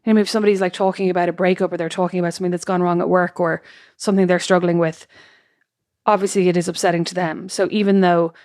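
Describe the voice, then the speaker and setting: Woman podcast co-host, low-pitched, rapid chatty delivery, dry close sound. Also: little pitch movement, darkish tone, dry recording. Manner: chatty, quick, lots of fillers. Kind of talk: casual chat.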